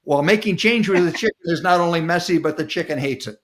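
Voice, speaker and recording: A man's voice: a little high, fast, a bit bright. A man speaking as a guest author on a video call, explaining ideas through folksy, homely examples. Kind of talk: casual explanatory talk.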